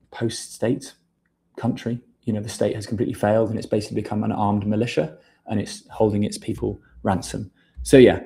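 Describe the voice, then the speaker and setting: A man with a fairly low, warm voice hosts a casual livestream, chatting loosely, reading viewer questions and calling people mate.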